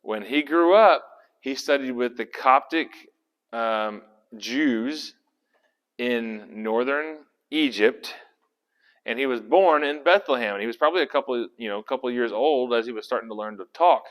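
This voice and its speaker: A man's voice: mid-range voice, a little slow, fairly bright tone. A man leading a casual Bible study in a folksy, conversational way. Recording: reverberant hall.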